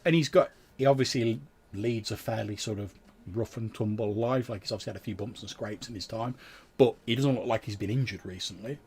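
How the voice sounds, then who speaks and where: A man's voice: fairly low pitch, a little fast, darkish tone, breathy edge. A man running a tabletop role-playing game, narrating casually with lots of hesitations and fillers. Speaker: game master.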